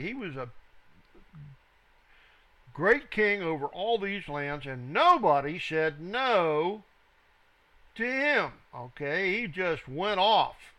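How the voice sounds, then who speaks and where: Male Bible teacher, slow and bright-toned, reads scripture with emphasis and adds quiet reference asides. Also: big pitch swings, poor audio. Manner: reads scripture aloud with rising emphasis, then cites reference numbers in a low aside. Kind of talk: verse-by-verse scripture reading and commentary.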